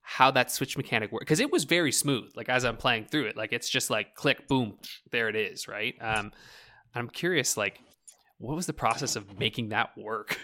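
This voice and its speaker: Bright-voiced, chatty male interviewer. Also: medium pitch, normal speed. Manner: chatty, laughs easily, rambling questions. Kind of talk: casual interview chat.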